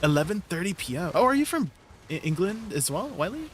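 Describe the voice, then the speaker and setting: A man live-streaming, chatting casually with his viewers, playful and quick to laugh. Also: high voice, very animated, fairly bright tone, slight background noise. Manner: playful, laughs often, talks to chat.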